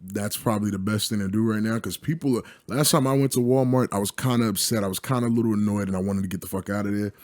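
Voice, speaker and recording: A loud, joking man co-hosting a podcast, swearing freely and calling out his listeners. His voice sits a little low and sounds dry and close, with no room around it. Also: fast, few pauses, dry recording. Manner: loud, joking, profane, addresses listeners directly. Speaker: podcast co-host. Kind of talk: casual podcast banter.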